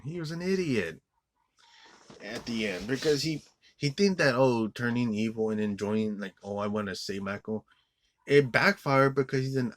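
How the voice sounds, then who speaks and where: A man's voice: mid-range voice, fairly bright tone. A man giving an angry, profane movie review rant, rambling with many restarts and fillers. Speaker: film reviewer.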